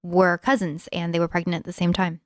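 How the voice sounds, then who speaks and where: Smooth-voiced woman in casual chat. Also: on the low side, little pitch movement, fairly quick, no room sound, studio quality. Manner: explains stories in an easy, conversational way. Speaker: podcast co-host.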